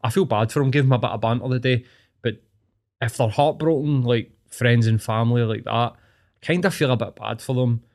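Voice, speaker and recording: A man's voice: medium pitch, fairly quick, a little mellow. Scottish man, young adult, podcast host, blunt, opinionated, sweary casual chat.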